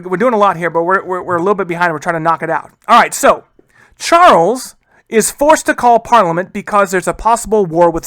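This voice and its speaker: A man's voice: high voice, a bit bright, dry recording. A man teaching a history lesson in a casual way, often calling his listeners guys and briefly acting out historical figures. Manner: acts out historical figures in quick asides. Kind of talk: recorded history lecture.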